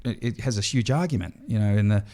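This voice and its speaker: A man's voice: lowish voice, fast talker. A middle-aged Australian man telling stories as a podcast guest, with lots of restarts and fillers. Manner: lively storyteller with frequent restarts and fillers. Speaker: podcast guest, stage entertainer. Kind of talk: storytelling in a podcast interview.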